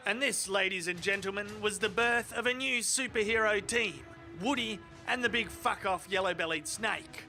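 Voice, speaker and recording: A man gives crude, sarcastic mock sports commentary over video clips. His voice sits high and very bright. Faint music plays under him. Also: moderate pace, few pauses. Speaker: host.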